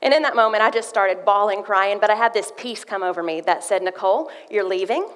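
A woman's voice: medium pitch, a little fast, fairly bright tone. Woman preaching in an echoing hall. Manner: earnest storytelling, reads scripture aloud. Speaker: church speaker sharing a testimony. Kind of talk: sermon with personal testimony. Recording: long hall reverb.

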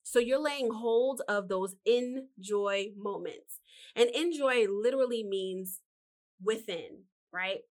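A woman hosting a casual motivational talk. She gives life advice in a lively, preachy way, asks one rhetorical question after another, and calls the listener honey. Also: mid-range voice, slow. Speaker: podcast host giving life advice.

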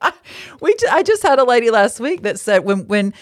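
A woman's voice: fairly high pitch, sing-song, brisk, no echo, studio quality. A woman hosting a casual Christian teaching talk, speaking frankly and bottom-line with chatty asides, seated at a table indoors. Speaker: podcast host and lay marriage counselor.

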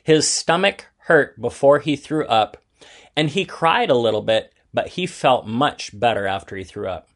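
A man narrating a children's story aloud in a gentle, even storytelling manner. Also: mid-range voice, measured pace.

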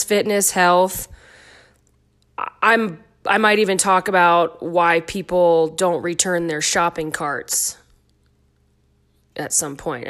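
A middle-aged woman's lowish, slightly bright voice carries her solo dance fitness podcast. Her casual talk is goofy and chatty, sprinkled with playful asides.

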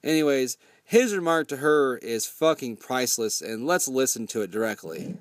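A man's voice: medium pitch, lively intonation, moderate pace, a little hiss or hum. A man casually recapping a movie plot in a rambling, profane, laid-back way.

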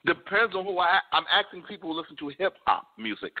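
A man in casual hip-hop debate chat, animated and insistent, pressing his partner with questions. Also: high voice, fairly quick. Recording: tinny phone-like sound.

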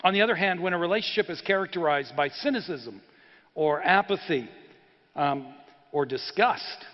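Pastor preaching, earnest and casual, lots of echo, bit muffled. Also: male voice, on the high side, expressive, normal speed. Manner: earnest, conversational, frequent uh fillers. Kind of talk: sermon. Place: church sanctuary. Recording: reverberant church hall, dull sound.

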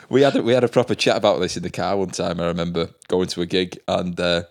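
Deep-voiced podcast host, joking along. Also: male voice, fairly even intonation, fast talker. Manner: laughs along, joking banter. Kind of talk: casual chat.

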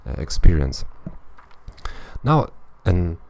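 A man's voice: low-pitched, big pitch swings, slow pace, gravelly, a little mellow. A man coaching language learners in a podcast monologue, thinking aloud and tacking on little tag questions. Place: lives in Eastern Europe.

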